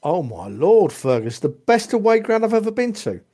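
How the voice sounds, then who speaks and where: A man, a podcast guest telling football stories in lively casual chat and saying "mate" a lot. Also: high-pitched, moderate pace. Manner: animated storyteller, says "mate" and "right?" often.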